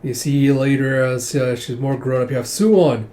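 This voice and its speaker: A man with a mellow, relaxed voice at an ordinary pitch walks through a comic volume in a casual way. He keeps saying who is talking before reading each line out. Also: moderate pace, slight background noise. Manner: paraphrases and reads quoted dialogue, "he's like". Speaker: comic book reviewer.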